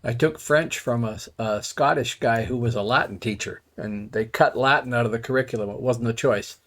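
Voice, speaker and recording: A man's voice: mid-range voice, normal speed, fairly bright tone. Wry, rambling middle-aged man streaming a game. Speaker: gaming streamer. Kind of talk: casual commentary while playing.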